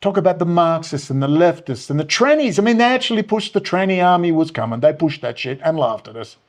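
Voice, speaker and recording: A man delivering an angry, profane solo rant as a commentator, sneering, with sudden swings up and down in pitch. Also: lively intonation, quick pace. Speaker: political commentator.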